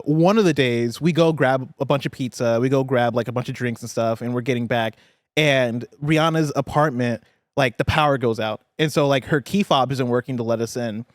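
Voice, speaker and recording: A man co-hosting a podcast, telling a story in casual, animated chat, swearing and saying "like" a lot. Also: mid-range voice, no room sound, clean studio sound. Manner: animated, swearing, heavy use of "like". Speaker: podcast co-host. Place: podcast studio.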